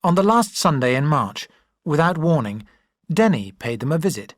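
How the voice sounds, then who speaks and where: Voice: medium pitch, big pitch swings, moderate pace, no echo, studio quality. An audiobook reader narrating a classic novel expressively, shifting voices for the characters.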